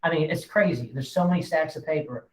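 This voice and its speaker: A man's voice: a little high, a little fast. A man, a real estate broker, casually training agents in a folksy, joking way. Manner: folksy, joking, acts out quotes. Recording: echoey room, voice off-mic.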